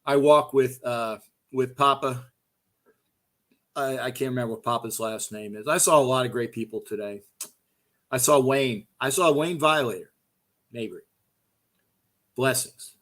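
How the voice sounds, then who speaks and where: A man's voice: medium pitch, measured pace, long pauses, fairly bright tone. A middle-aged man hosting a fan show, ranting in a profane, fired-up way and often repeating himself. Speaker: host of a fan call-in show. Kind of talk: heated casual fan rant.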